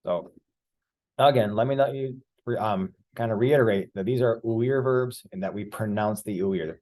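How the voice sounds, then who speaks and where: A man's voice: on the low side, moderate pace, a little mellow. A man teaching Spanish verb conjugation, patiently explaining and spelling out letters one by one. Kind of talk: explaining grammar at a board.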